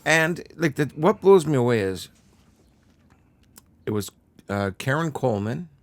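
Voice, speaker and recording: A man's voice: medium pitch, expressive, unhurried, no echo. A man hosting a casual chat, talking loosely with lots of "man" and "like" and some swearing. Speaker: host.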